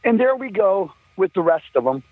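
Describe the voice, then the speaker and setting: An older man tells long, rambling stories about his old band, swearing freely and breaking into laughs. His voice sits a bit high for a man. It comes through a thin, phone-like line with no room sound at all. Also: big pitch swings, moderate pace, no room sound. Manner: rambling, profane, laughing often. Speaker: musician guest. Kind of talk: casual storytelling. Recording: tinny phone line, dry.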